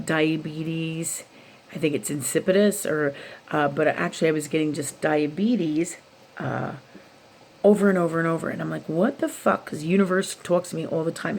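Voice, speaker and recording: A woman with a low-sitting voice hosts a late-night spiritual YouTube vlog, with slight background noise. She talks casually and rambles, laughing, restarting, and quoting her own self-talk.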